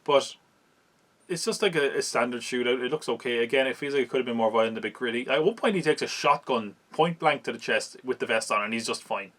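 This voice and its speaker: A man's voice: mid-range voice, quick pace, a bit bright. A man, hosting a podcast and recapping a film in casual, wry chat, laughing at it as he goes. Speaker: podcast host reviewing a film.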